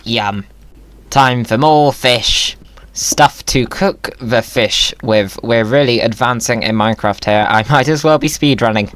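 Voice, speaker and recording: Young male let's-play voiceover artist, mid-pitched, rambling, self-mocking humor. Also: moderate pace, a bit bright, a little hiss or hum. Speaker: Minecraft content creator. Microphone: voiceover mic.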